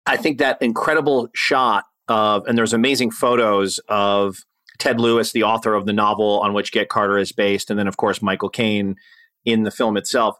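A man's voice: lowish voice, little pitch movement, moderate pace, fairly bright tone. A man hosting a podcast, chatting about films with enthusiasm and an easy laugh. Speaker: podcast host. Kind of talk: casual film chat.

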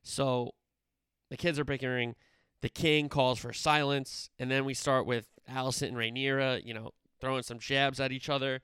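A man's voice: mid-range voice, little pitch movement, moderate pace, fairly bright tone, clear, resonant tone, no echo, clean studio sound. A man casually recapping a TV episode in a chatty way, full of fillers, paraphrasing what the characters say. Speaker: show recapper.

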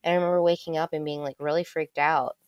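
A woman's voice: sits low, fairly even intonation, fast, no echo, dull audio. A woman telling a personal story in casual conversation, candid and loose, swearing freely with lots of ums. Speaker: guest.

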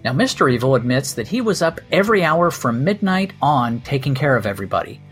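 A male podcast host tells a comic story with a wry, sardonic edge and a salty tongue. His voice sits at an ordinary middle pitch. Faint guitar music plays behind him. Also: sing-song, brisk, a bit bright. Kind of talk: comedic storytelling monologue.

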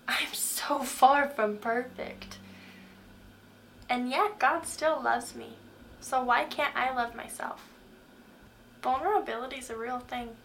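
Earnest woman with a bright voice. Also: sits high, gravelly, a little hiss or hum. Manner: earnest, asks the listener direct questions. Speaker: Christian speaker. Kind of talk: faith-based motivational talk.

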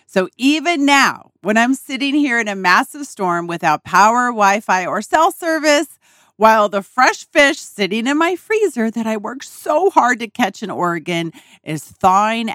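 A woman hosting a podcast who tells a personal story in a casual, animated way, laughing often and swearing freely, recorded in a small RV dinette. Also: on the high side, dry recording, clean studio sound. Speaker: podcast host.

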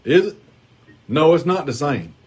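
A man's voice: fairly high pitch, big pitch swings, measured pace, slightly rough. A man hosting a podcast, arguing in a combative, sarcastic way and repeating his questions. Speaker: podcast host. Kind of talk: casual political argument.

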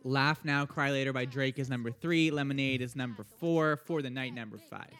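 A man's voice: medium pitch, fairly quick, a bit bright, smooth. A young man co-hosting a morning radio show, chatting casually, teasing his co-host and laughing a lot.

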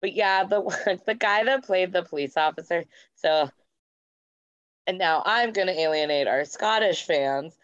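A woman's voice: lowish voice, a little slow, clear, resonant tone, muffled recording. A woman co-hosting a podcast in casual chat, sharing fun facts with small hesitations. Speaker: podcast co-host.

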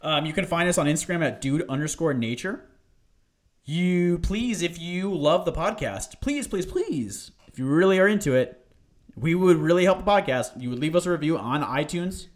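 A man's voice: on the high side, a little fast. A young man co-hosting a casual podcast, loose and joking, swearing freely. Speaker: podcast co-host.

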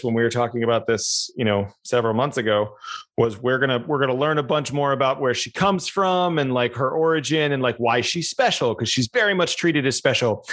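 A man's voice: mid-range voice, a bit bright. A man co-hosting a podcast in casual chat, rambling and thinking aloud with many fillers. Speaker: podcast co-host.

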